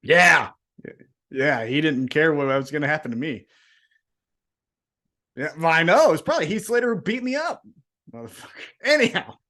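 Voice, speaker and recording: A man's voice: fairly high pitch, normal speed, long pauses. A man co-hosting a wrestling podcast, telling a long story in a loose, profane way and acting out the people in it. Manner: animated, profane, acts out voices in the story. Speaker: podcast co-host.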